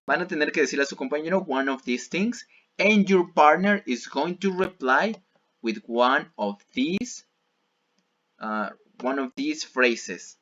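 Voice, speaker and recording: Slow, patient male English teacher. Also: a little high, animated, fairly bright tone, lo-fi sound. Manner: repeats and rephrases each example patiently. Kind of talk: bilingual classroom explanation.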